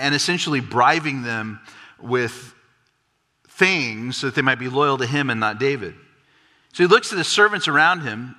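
A man preaching an expository sermon, emphatic and dropping low for solemn points. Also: bright, forceful tone. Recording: long hall reverb.

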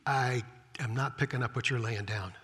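A man voicing a confused, earnest Pharisee teacher in casual modern words, with a husky voice in a reverberant hall. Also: mid-range voice, moderate pace, fairly bright tone. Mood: bewildered. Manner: bewildered, casual modern phrasing.

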